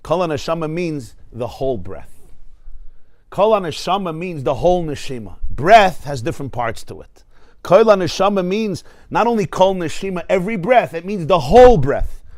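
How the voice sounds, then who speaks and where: Male rabbi, lecturer in a study hall; slightly high voice, dry close sound, animated, teaching with stories and humor. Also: normal speed. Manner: animated, mixes Hebrew terms and stories with humor. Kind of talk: lively Torah class lecture. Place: study hall class before a live audience.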